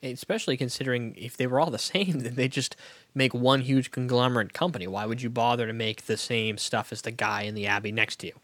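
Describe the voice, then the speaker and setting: A man with a mid-pitched voice co-hosts a casual podcast about beer, joking and stammering, swearing freely. The sound is dry and close. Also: fairly even intonation, fast, a bit bright, no room sound. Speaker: podcast co-host. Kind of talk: casual beer-tasting chat.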